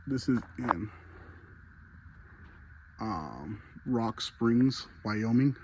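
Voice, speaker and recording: A man's voice: mid-range voice, lively intonation, drawn-out words, a little mellow, a little hiss or hum, rough recording. A man vlogging casually as he walks through a large store, out of breath and chatting with enthusiasm. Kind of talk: casual walk-through vlog. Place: large fireworks store, indoors.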